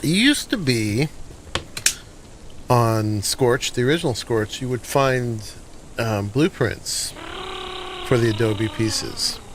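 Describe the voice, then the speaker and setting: Man, gaming host, casual gameplay commentary, relaxed, thinking out loud, mid-pitched voice, faint background hiss. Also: takes it slowly, pauses often. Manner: relaxed, thinking aloud while playing.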